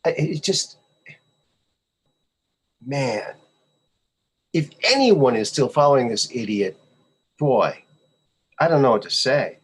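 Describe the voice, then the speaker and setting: Slow-talking, scoffing male podcast host. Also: mid-range voice, big pitch swings, breathy edge. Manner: sarcastic, scoffing, repeats himself. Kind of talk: casual commentary on memes.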